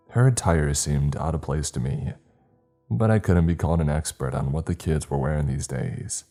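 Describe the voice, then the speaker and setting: A man narrating a first-person horror story in a steady, measured reading. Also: rumbling low.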